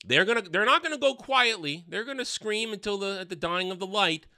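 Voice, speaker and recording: Male host, combative rant, high-pitched, bright and tense delivery. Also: lively intonation, fairly quick. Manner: combative, scornful, repeating phrases for emphasis. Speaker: commentary channel host. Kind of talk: heated opinion rant.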